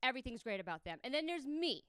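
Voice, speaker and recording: Young woman doing raunchy stand-up, brash and loud, voice on the higher side. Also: big pitch swings, quick pace, clean tone. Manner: crude, brash punchlines with big vocal jumps. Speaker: stand-up comedian. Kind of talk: stand-up comedy set. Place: comedy stage before a live audience.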